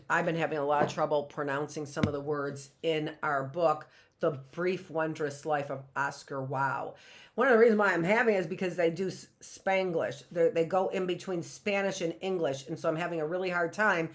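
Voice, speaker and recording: A middle-aged woman teaching an early reading lesson, chatty and direct, sounding out words slowly. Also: sits low, fairly even intonation. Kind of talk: online classroom lesson.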